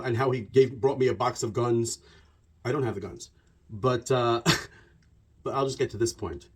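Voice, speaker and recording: This is a man with a slightly husky, mid-pitched voice who holds forth in a loose, conversational monologue. He wanders off on tangents and stacks repeated words for emphasis. His delivery stays animated and chatty throughout. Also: moderate pace. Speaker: religious commentator.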